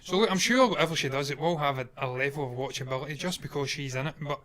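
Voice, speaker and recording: A man's voice: fairly high pitch, quick pace, fairly bright tone. A man co-hosting a casual movie news chat, speaking in an opinionated, emphatic way and laughing easily. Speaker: co-host of a movie news show.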